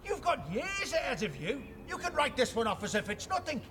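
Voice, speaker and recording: A man's voice: very high-pitched, huge pitch swings, a little fast, full character voice. An actor playing a stubborn, sarcastic 86-year-old father who grumbles and defies everyone. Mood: bitter. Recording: outdoor performance with crowd noise.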